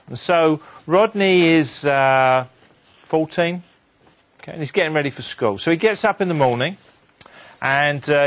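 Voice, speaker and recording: A man giving a motivational talk to an audience, telling a story in an animated way and dropping his voice low and quiet for the sad moments. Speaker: motivational speaker.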